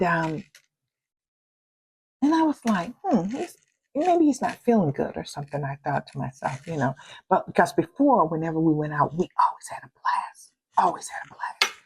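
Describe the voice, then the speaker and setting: A woman's voice: deep voice, darkish tone, breathy edge, no room sound, poor audio. An older woman hosting a vlog, telling a personal story in an emphatic, repetitive, heartfelt way. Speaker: vlog host.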